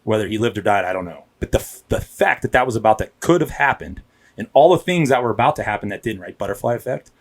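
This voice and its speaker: A man's voice: fairly low pitch, expressive, fast. A man, a police officer, telling his story candidly and emphatically in a casual podcast interview, often checking in with "right?". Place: podcast studio.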